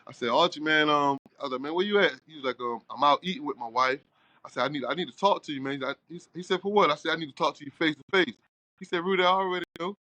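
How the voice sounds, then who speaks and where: A man's voice: fairly high pitch, quick pace, dry recording. A middle-aged man, a barbershop owner telling a long story and acting out the dialogue as he goes. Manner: animated storyteller, acts out quoted dialogue. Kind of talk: casual storytelling interview.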